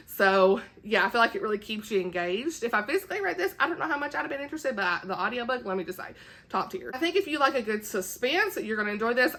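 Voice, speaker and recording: A young woman chatting casually as she reviews books, animated and slangy, laughing often. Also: on the high side. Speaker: book vlogger. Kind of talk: casual book review chat.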